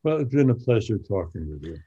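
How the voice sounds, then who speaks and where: An older man speaking as a guest in a podcast interview, halting with many fillers and restarts. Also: lowish voice, sing-song, warm tone, breathy edge, muffled recording. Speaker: guest translator of biblical poetry.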